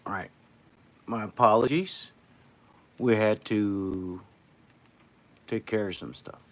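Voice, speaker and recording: A man's voice: lowish voice, slow. A man livestreaming, chatting casually to viewers in a loose, rambling way with lots of repeated phrases.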